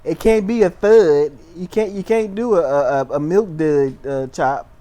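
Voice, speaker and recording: A woman's voice: deep voice, unhurried, dark tone. Wry woman mocking wrestling moves. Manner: wry, blunt, mocking wrestlers in put-on voices. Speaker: podcast co-host. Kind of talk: casual wrestling recap chat.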